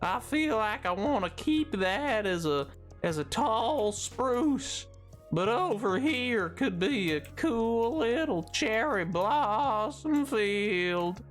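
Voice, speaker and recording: Woman as a downcast, broke cowboy, slow mournful drawl, lively pitch, faint music behind. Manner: slow, drawn-out, mournful talk. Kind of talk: live-stream character voice. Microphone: closer to the mic than usual.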